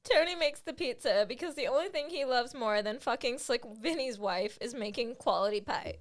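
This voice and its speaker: Woman reading a comic script deadpan. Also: a little high, moderate pace. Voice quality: deadpan narration broken by laughter. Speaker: comedian reading her own script.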